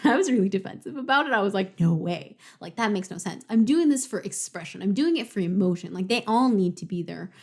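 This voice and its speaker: A young woman talks through craft advice for new writers in a relaxed, chatty way. She reads short example passages aloud, then questions them line by line. Her voice sits at an ordinary middle pitch for a woman. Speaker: writing vlogger. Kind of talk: casual explanatory writing tips.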